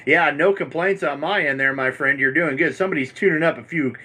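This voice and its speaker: Bright folksy radio operator man. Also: fairly high pitch, fairly quick, breathy edge. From Montana. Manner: folksy, keeps adding "there, my friend". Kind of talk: casual on-air radio chat.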